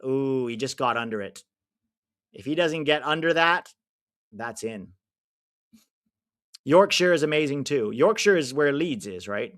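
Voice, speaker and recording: A man's voice: mid-range voice, a little slow, pauses often. An American man hosting a live football watch-along, chatting with viewers and reacting to the match. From United States. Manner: chatty, answers viewers' comments, bursts of excitement at chances.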